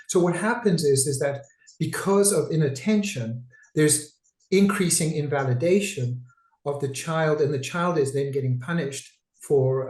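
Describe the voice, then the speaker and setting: A male psychiatrist gives a conversational webinar talk over a video call, talkative and digressive, often restarting his sentences. His voice sits on the high side and is a little mellow. The recording is rough, with an echoey room.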